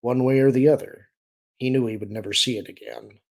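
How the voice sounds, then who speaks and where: A man reading a novel aloud in a steady, measured storytelling manner. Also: medium pitch, gravelly. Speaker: audiobook reader. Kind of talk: audiobook narration.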